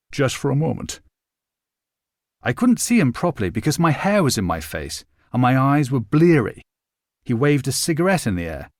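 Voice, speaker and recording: A male narrator reads a novel aloud with a lively, rising and falling delivery at a middle pitch. His measured storytelling keeps the images clear. The recording is close and very dry. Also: dry recording. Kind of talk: scripted narration.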